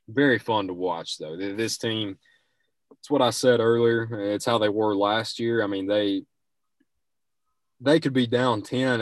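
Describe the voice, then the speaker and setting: Heard in a dry recording with a fairly low pitch, a young co-host on a laid-back sports show gives meandering, strongly opinionated views. He frequently starts his sentences over.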